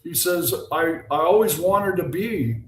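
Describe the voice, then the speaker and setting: A man's voice: on the high side, unhurried. Older man telling stories, echoey room. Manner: animated anecdotes, acts out quoted voices. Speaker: guest, former baseball pitcher. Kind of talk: casual storytelling.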